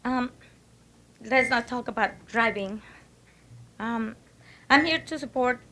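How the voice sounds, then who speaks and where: A woman's voice: on the high side, slow pace, bright, forceful tone. A woman speaking as a concerned parent at a public comment, hesitant and full of fillers. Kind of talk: public comment at a board meeting.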